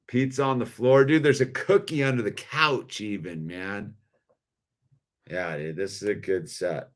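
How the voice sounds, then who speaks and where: A laid-back man hosting a toy-building video, his voice sitting on the low side. He talks slowly and loosely in slangy casual commentary, peppering it with dude and man.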